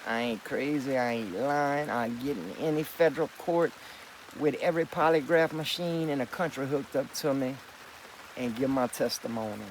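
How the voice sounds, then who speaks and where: A man's voice: medium pitch, moderate pace, a little hiss or hum, poor audio. A middle-aged man, rambling through a profane, insistent vlog monologue. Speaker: vlogger.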